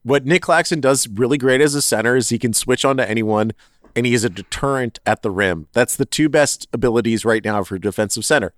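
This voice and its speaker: A man in the middle of his range co-hosts a casual sports podcast. He rambles in an animated way and corrects himself as he goes. The sound is very dry and close. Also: medium pitch, a little fast, dry recording. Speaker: podcast co-host.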